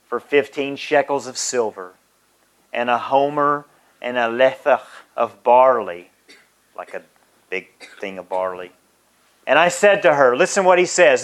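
A man preaching a sermon, reading scripture aloud in emphatic, drawn-out phrases to a congregation. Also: a little high, a bit bright.

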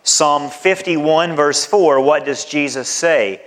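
A man preaching a sermon as pastor, emphatic and deliberate, with dramatic swings in his voice. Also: a little high, fairly bright tone. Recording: long hall reverb.

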